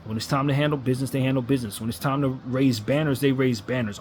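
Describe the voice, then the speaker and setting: A man's voice: medium pitch, fairly even intonation, fast, a little mellow, slight background noise. A man ranting as a sports fan commentator, blunt and frustrated, hammering his points with repetition.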